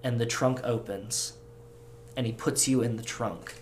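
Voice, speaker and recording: Man slowly narrating a tabletop scene. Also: mid-range voice, fairly even intonation, slight background noise. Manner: slow, halting, descriptive narration in second person. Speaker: game master. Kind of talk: narrating a tabletop role-play.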